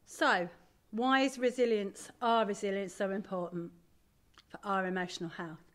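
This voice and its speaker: A middle-aged woman giving a candid, animated talk to an audience as a parent. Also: mid-range voice, normal speed. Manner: animated, candid, self-deprecating. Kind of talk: live presentation to an audience.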